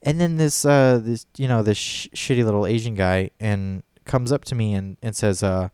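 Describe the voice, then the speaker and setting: Rambling, cursing man with a smooth low voice. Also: moderate pace, few pauses, a little mellow, dry recording, studio quality. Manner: rambling storyteller, swears a lot. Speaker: podcast co-host. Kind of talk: casual chat.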